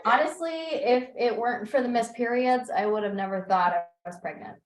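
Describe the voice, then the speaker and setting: A woman's voice: a little high, moderate pace. A young woman chatting casually in a book club on a video call, telling stories with laughter and acting out her own quotes. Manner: animated, laughing, quotes herself in lively voices. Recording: roomy video call audio.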